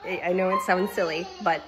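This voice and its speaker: A woman chats her way through a kitchen vlog, gushing over her food. Her talk is loose and excitable, with plenty of fillers and restarts. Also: medium pitch, very noisy. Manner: chatty and gushing, with many fillers. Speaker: home cooking vlogger.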